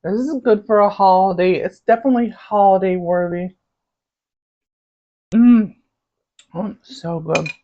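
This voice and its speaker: Home cook host, woman, light Southern accent, relaxed chat, savoring hums, mid-range voice, muffled lo-fi sound. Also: medium pitch, moderate pace, hardly any pauses. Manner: chatty, savoring food with hums. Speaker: cooking channel host. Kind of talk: casual cooking demonstration. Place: home kitchen. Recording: dull lo-fi recording.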